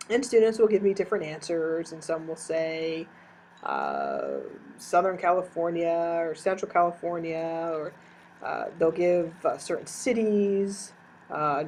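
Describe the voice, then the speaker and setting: A woman's voice: lowish voice, a little mellow, slight background noise, rough recording. A woman teacher giving a recorded lecture, explaining terms step by step and repeating key definitions.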